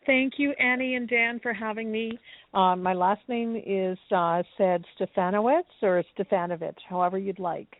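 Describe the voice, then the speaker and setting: Soft-spoken woman guest on a phone line. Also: mid-range voice, no room sound. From Canada. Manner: measured, with many ums. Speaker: guest author. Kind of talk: interview answers. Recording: phone-like call-in audio.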